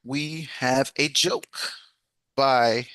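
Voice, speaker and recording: A man presiding over a club meeting with a bright, ringing tone. He tells a story with lively pacing and stumbles over a few words. The sound is close and dry, with no room echo. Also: medium pitch, very slow. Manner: lively storyteller with small restarts. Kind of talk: casual meeting chat and joke telling.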